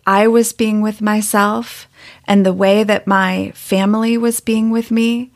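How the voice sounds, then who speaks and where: A woman's voice: mid-range voice, flat delivery, measured pace. A woman hosting a podcast interview, speaking reflectively and affirming her guest. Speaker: podcast host. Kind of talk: conversational interview.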